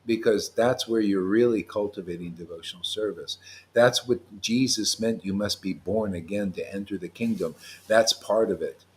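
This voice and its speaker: A man's voice: on the low side, normal speed. A man leading an informal devotional talk, reading scripture aloud, explaining it playfully and laughing often. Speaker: spiritual teacher.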